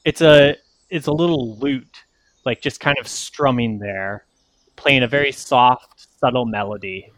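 A man running a tabletop game, narrating scenes in a relaxed, loose way with plenty of fillers. He talks slowly, his voice dry and close. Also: medium pitch, no echo. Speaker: game master.

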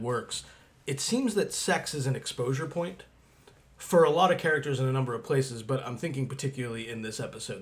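A man co-hosting a podcast, talking through a TV episode in a measured, reflective way. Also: medium pitch. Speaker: podcast co-host. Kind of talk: analytical casual discussion.

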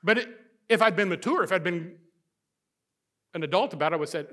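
A middle-aged man preaching a sermon as pastor, swinging between loud emphasis and hushed, intimate passages. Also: high voice, fast talker, long pauses.

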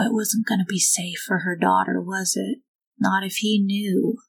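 A woman game master narrates a tabletop game slowly and with atmosphere. Her voice sits a little low and unhurried. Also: a bit bright, rough recording.

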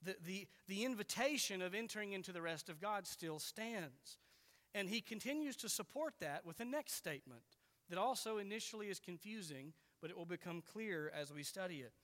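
A man delivers an expository sermon, earnest and patient as he explains, pressing down on key words. His voice sits high and bright. It carries a long reverb from a large church hall. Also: animated, normal speed. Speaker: preacher.

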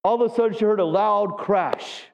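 A man's voice: high-pitched, normal speed, a little hiss or hum. A male pastor giving a sermon in a church, talking with the congregation and asking them questions. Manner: conversational preaching, asks the congregation questions. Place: church sanctuary. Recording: dull lo-fi sound with long hall reverb.

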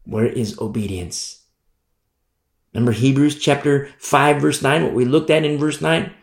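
A man preaches a sermon at an unhurried pace, hammering on repeated phrases. His voice rises on key words and then sinks low and quiet. The sound rings with the echo of the room. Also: steady tone, creaky. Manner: emphatic, repeats phrases with rising then dropping voice.

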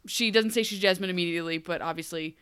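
A woman co-hosting a podcast, chatting casually about a TV show, laughing often and acting out characters in quick asides. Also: lowish voice, a bit bright, clean tone. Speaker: podcast co-host. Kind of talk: casual chat recapping a TV show.

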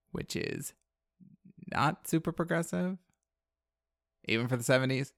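A man's voice: mid-range voice, unhurried, long pauses, a bit bright, no room sound, studio quality. A man on a podcast casually recapping a horror movie plot, rambling with lots of fillers and wry asides. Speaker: podcast co-host.

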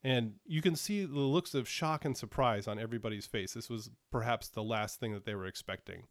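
A man's voice: medium pitch, a little fast, no room sound. Game master, man, casual hesitant narration, dry close sound. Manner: casual, hesitant, many fillers.

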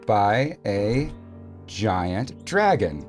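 Man, game master, lively pitch, halting, faint music. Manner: relaxed, halting, lots of fillers. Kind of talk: narrating a tabletop game.

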